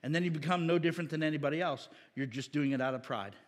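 A man's voice: fairly high pitch, quick pace, in a large hall. A man preaching a sermon as a pastor, conversational and emphatic, with frequent restarts and rising bursts of emphasis.

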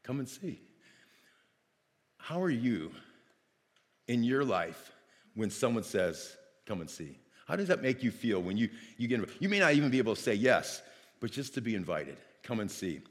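A man from Northeast Ohio preaching a sermon, telling a lively personal story and acting out the dialogue. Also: medium pitch, moderate pace, long reverb tail. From Northeast Ohio, United States.

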